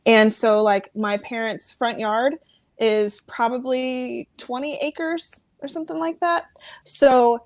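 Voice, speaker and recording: A woman's voice: a little high, fairly even intonation, takes it slowly, no room sound. Giggly rambling woman on a call. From small farming town in the United States. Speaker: guest fragrance reviewer. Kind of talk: casual livestream chat.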